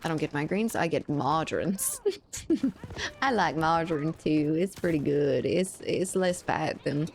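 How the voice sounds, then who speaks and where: Deep, creaky and lively in intonation, this woman talks at normal speed with few pauses and a bit of hiss or hum. In her 20s and from South Louisiana, USA, she streams a shooter, casually chatting with and reading her viewers while joking and swearing, as faint game gunfire plays.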